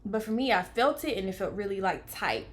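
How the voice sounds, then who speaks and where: A young woman tells her own story, casual and animated. She acts out the voices of the people around her and drops to a near whisper when she sounds worn out. Her voice sits at a middle pitch. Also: brisk, slight background noise. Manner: animated, acts out quoted lines, swings from loud to hushed. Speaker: vlogger telling her birth story.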